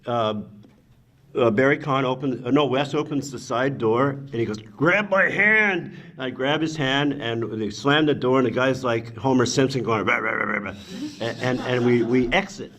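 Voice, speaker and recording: Older man spinning lively anecdotes. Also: mid-range voice, moderate pace. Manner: animated, acts out quotes, swears casually. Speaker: actor guest on a convention panel. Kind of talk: anecdotal storytelling.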